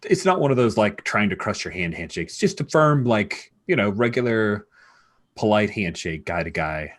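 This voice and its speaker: A man's voice: on the low side, moderate pace. A man narrating as game master in a tabletop role-playing game, chatty and loose, with plenty of fillers. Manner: relaxed, chatty, many fillers.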